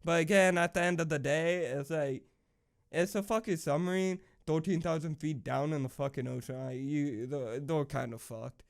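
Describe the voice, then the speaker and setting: A man's voice: fairly high pitch, moderate pace, gravelly. A young man vlogger ranting casually, profane and rambling with lots of fillers. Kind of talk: casual rant.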